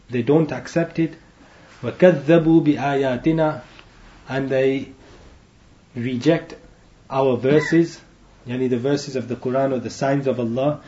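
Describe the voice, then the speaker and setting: A man delivers a sermon in a mellow, warm voice, moving between plain explanation and quickly chanted Arabic verses, often pausing for short asides. The sound is roomy with echo and a little dull. His pitch sits in the middle for a man. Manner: teaching, checking in with frequent asides. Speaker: imam. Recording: echoey, dull room sound.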